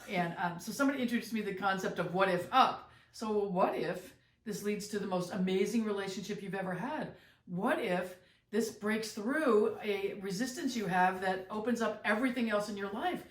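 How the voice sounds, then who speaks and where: Reflective middle-aged woman, roomy distant sound. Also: medium pitch. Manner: reflective, halting with fillers and restarts. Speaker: podcast co-host, mother. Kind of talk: casual chat.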